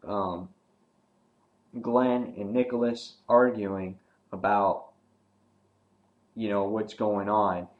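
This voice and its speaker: A man's voice: on the low side, highs cut off. A man talks through a comic book in a loose, casual review. He rambles along, filling gaps with fillers and restarting his sentences as he goes.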